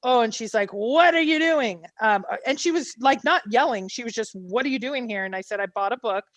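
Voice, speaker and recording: A woman hosting a casual online panel, her voice sitting a little high. She tells rambling, laugh-filled anecdotes. The sound is dry and close. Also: quick pace, dry recording. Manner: chatty storytelling with laughs. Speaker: panel host.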